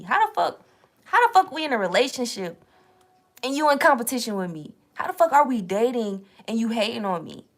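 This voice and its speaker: Animated, profane young woman. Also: on the high side. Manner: animated, profane, streetwise, re-enacts conversations. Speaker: tarot reader and channel host. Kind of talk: casual storytime monologue.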